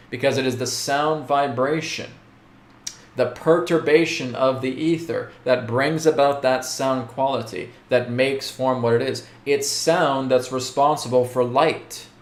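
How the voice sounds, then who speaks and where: A man's voice: mid-range voice, reverberant, lightly acted. A man voicing a wise male spirit mentor, teaching in a grand, lecturing way with rhetorical questions.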